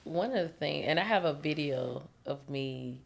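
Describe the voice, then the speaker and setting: A woman co-hosting a podcast, chatting casually about marriage and faith as an animated storyteller who laughs often. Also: sits low, normal speed, creaky. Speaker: podcast co-host.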